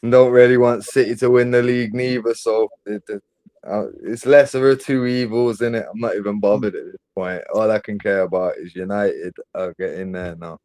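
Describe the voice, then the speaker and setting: A man's voice: steady tone, moderate pace, darkish tone, no room sound. A man, a regular on a football chat show, laid-back and slangy. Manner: laid-back, slangy, drops to a low mutter. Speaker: football podcast co-host.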